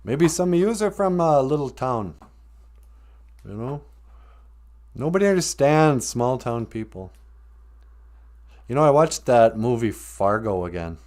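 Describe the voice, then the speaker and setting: A man's voice: mid-range voice, animated, a little slow, pauses often, darkish tone. A man from Minnesota, telling a loose, joking, rambling story on a live stream.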